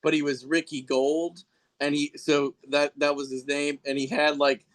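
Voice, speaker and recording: Delivery is flat at normal speed, from a slightly bright voice on the high side. The speaker, a middle-aged man guesting on a podcast, rambles through anecdotes in casual chat, laughing a lot and mimicking people in quotes.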